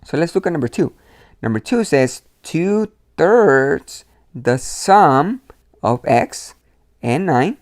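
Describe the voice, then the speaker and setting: A man teaching an algebra lesson, walking through each step slowly and addressing his students as "you guys". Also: on the high side, creaky, darkish tone, dry recording, clean studio sound. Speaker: math teacher.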